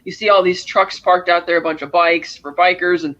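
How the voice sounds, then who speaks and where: Bright high-voiced man recapping a movie. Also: steady tone, fairly quick, dull audio. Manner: retells scenes with acted-out quotes. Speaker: podcast co-host. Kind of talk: casual movie recap chat.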